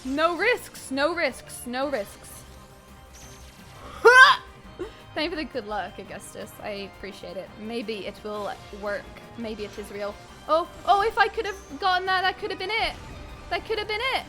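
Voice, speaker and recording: A woman streaming a video game live, chatting with viewers and swinging between quiet muttering and excited shrieks. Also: fairly high pitch, moderate pace, faint music behind. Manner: chatty, thanks chat viewers by name. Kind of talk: live gameplay commentary.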